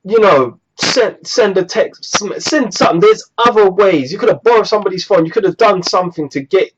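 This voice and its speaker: A young man telling a storytime vlog, animated and exasperated, swearing freely, on a dull lo-fi recording. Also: high-pitched, a little fast, background noise. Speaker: vlogger.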